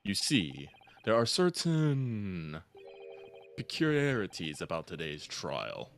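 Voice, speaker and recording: A man voicing an elderly, formal male forensic professor in a video game, in a slightly gravelly, measured voice. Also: low voice, wildly swooping pitch, heavily acted. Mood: solemn.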